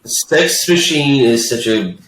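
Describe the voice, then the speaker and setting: A man's voice: medium pitch, slow pace. Profane ranting man, roomy distant sound. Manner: profane, ranting, animated complaining. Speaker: podcast co-host. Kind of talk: casual movie review chat. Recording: roomy echo, distant mic.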